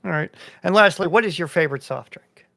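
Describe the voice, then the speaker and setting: A man's voice: high voice, fairly quick, creaky, fairly bright tone, dry recording, clean studio sound. A man hosting a retro video game podcast, talking casually with jokey asides. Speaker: podcast host.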